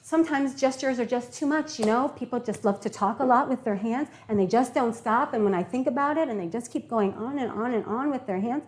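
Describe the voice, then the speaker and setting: A woman teaching an English class on public speaking, animated and acting out her examples. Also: a little high, a little fast, few pauses, slight background noise. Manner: animated, demonstrates tones and acts out examples.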